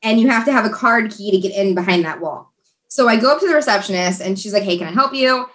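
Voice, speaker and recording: A woman telling a story in a chatty, animated way, as a guest in a conversation. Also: medium pitch, fast talker. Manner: animated, chatty, many fillers. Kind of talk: casual storytelling.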